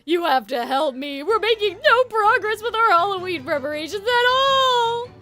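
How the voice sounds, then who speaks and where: A woman's voice: very high voice, lively intonation, normal speed, bright, forceful tone, faint music behind, pitched above the performer's own voice, exaggerated voice. A woman voicing a melodramatic male town mayor who wails about doom. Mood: despairing. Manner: wailing, melodramatic.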